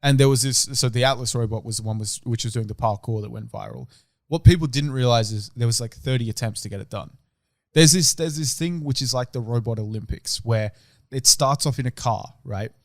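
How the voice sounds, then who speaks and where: A man's voice: mid-range voice, brisk, no room sound, studio quality. A young man co-hosting a podcast, rambling and swearing in casual chat, often trailing off at the end of phrases. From Australia. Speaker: podcast co-host.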